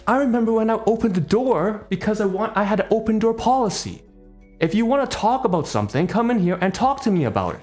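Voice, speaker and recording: A man's voice: high-pitched, animated, fast talker, darkish tone, soft background music. A man venting in a heated, profane, emphatic monologue as a channel host.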